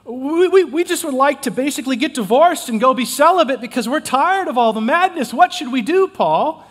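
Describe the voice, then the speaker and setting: Desperate, worn-out believers begging for advice in a raised, strained voice, as a man acts them out from the pulpit. Their high, loud pleading rings in a long church reverb. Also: lively intonation, a little fast. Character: exasperated Corinthian believers pleading for help.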